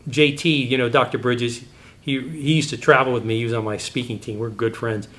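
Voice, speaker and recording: This is a fairly quick Christian apologetics talk from a middle-aged man who teaches through energetic, meandering stories from his own life, his voice suddenly jumping up in pitch.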